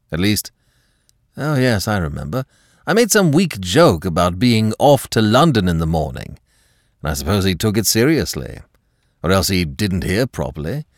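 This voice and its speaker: A man voicing an anxious, restless young wife in an audiobook reading, raising his voice higher and speaking quickly. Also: dry recording, clean studio sound. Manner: nervy, quick, higher pitched.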